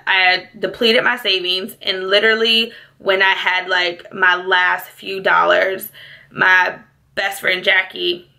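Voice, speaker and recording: Young woman, vlogger, emotional and chatty, bright voice with some fry. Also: mid-range voice. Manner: emotional, close to tears; chatty, many "like"s and "y'all". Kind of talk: casual storytime monologue.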